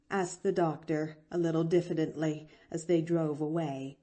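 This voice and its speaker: A woman narrating a classic story in a measured, expressive way for language learners. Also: low-pitched. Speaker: audiobook narrator.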